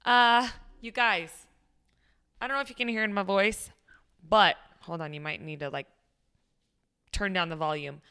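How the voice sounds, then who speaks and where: A young woman hosting a motivational podcast, chatting in a bubbly, excitable way with lots of pep and playful asides. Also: medium pitch, a little slow, pauses often, smooth, no echo, clean studio sound. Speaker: podcast host. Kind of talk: upbeat motivational podcast chat.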